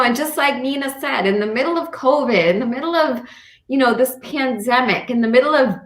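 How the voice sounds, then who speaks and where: High bright-voiced woman, echoey room. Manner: rambling, heartfelt, many fillers. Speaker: campaign supporter. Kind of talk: casual video call chat. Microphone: video call.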